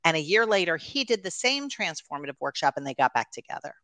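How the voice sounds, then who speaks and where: A woman in her fifties from New York, a guest coach telling stories in an animated, chatty podcast conversation. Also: sits low, quick pace, no room sound. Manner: animated storyteller, laughs easily.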